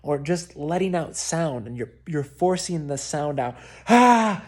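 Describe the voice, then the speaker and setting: This breathwork coach's instructions to a private client come in a fairly high, mellow voice at an unhurried pace. Encouraging and informal, he sighs often and demonstrates laughs as he goes.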